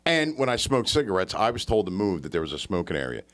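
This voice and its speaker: Really deep guy, voice swings up and down a lot, blunt and swears in casual chat. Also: very animated, fast talker, a bit bright. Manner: blunt, profane, asks questions.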